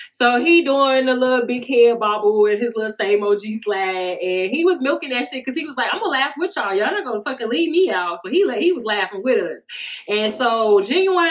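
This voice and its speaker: A woman in her thirties with a mid-range voice, talking through a loose solo podcast monologue. She is blunt and swears freely. She laughs often as she tells stories. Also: mid-range voice. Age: 30s. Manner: profane, candid, laughing storyteller. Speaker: podcast host.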